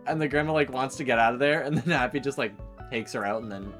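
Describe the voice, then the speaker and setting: A young man in casual conversation about films, loose and easygoing, peppering his sentences with "like." His voice sits in a middle register, and soft background music plays quietly behind him. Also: medium pitch, fast talker. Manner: relaxed, filler-heavy with "like". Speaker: movie review co-host. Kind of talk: casual chat and plot recap.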